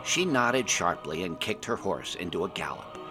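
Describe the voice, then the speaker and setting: A man's voice: low voice, lively intonation, moderate pace, over music. A man narrating a fantasy adventure in the first person, reading it aloud expressively. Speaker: storyteller.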